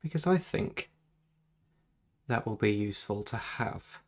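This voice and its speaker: A man draws on a live stream and rambles casually, making self-deprecating jokes about technical problems. He uses a desk mic connected to his computer in a small room at home. His voice sits on the low side, expressive and measured.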